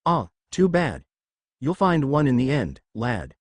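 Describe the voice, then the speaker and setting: A man's voice: mid-range voice, wildly swooping pitch, slow, no echo, studio quality, heavily acted. A man voicing a pushy, snobbish older traveling merchant with a British accent in a storybook reading.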